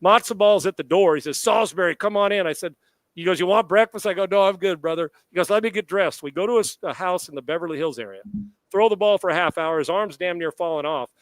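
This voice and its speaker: A middle-aged man with a fairly high speaking voice spins a lively anecdote on a sports talk show. He acts out both sides of the conversation and swears freely. The sound is dry and close, with no room echo. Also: quick pace. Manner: animated anecdote-telling with quoted dialogue and profanity. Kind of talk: casual storytelling on a live sports show.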